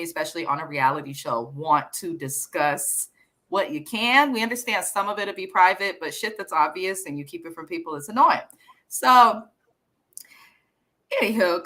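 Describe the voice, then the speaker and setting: A woman's voice: lowish voice, pushed and bright. A woman hosting a casual show recap, talking bluntly and gossiping with frequent swearing. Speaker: podcast host.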